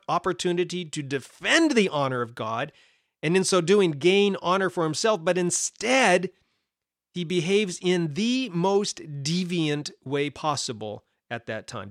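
A man teaching a Bible study podcast, animated and emphatic, with conversational asides and restarts. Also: high voice, no room sound, clean studio sound. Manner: animated, emphatic with repeated stresses and brief laughs.

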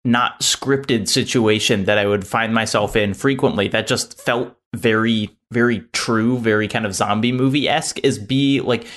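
A man on a podcast excitedly recounting a game moment, speeding up as the action builds. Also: lowish voice, measured pace, few pauses. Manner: animated storyteller, speeds up in the action. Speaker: podcast co-host. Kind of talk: casual game discussion.

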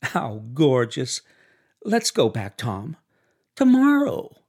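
A man's voice: a little high, huge pitch swings, unhurried, creaky, voice pushed up, full character voice. A man voicing a wistful young society wife who talks in a breathless, effusive, theatrical way. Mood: ecstatic.

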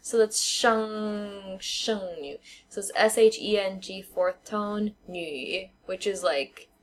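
A woman's voice: mid-range voice, measured pace, darkish tone, slight background noise. A woman co-hosting a podcast in casual chat, talking with many "like" and "you know" fillers. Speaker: podcast co-host.

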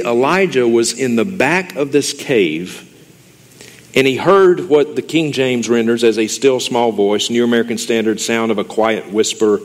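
A man's voice: mid-range voice, a little slow, long reverb tail. A man giving an emphatic, conversational sermon, explaining scripture verse by verse and addressing listeners as dear ones. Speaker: Bible teacher. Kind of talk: expository sermon.

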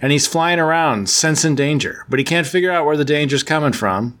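A man's voice: on the high side, expressive, fairly quick, a bit bright. A man hosting a podcast, recapping a comic book story in a casual, rambling way, full of fillers and self-corrections. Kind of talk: casual chat.

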